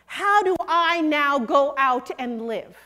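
Older female preacher, slow and earnest, hushed on key points, in a big reverberant hall. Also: high voice, animated. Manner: earnest and emphatic, dropping to a hush on key points. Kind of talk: sermon.

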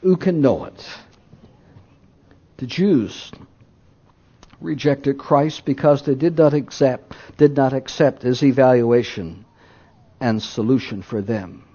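A man preaching a sermon, moving between loud emphatic declarations and hushed low asides. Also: slow, long pauses, slightly rough, highs cut off.

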